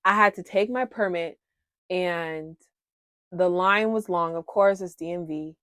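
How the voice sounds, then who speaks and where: A woman in her thirties talking casually and warmly to viewers about coping skills, with frequent "um"s, calling them "y'all". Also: on the low side, unhurried, no echo, studio quality. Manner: frequent "um", addresses viewers as "y'all", laughs at herself. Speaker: wellness vlogger sharing coping skills. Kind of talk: casual heartfelt talk to viewers.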